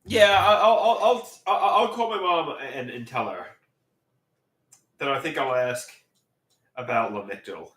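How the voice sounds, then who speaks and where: A man live streaming and reading viewer comments aloud, talking in halting, repetitive bursts with many restarts. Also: mid-range voice, animated, a bit bright, echoey room. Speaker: livestreamer.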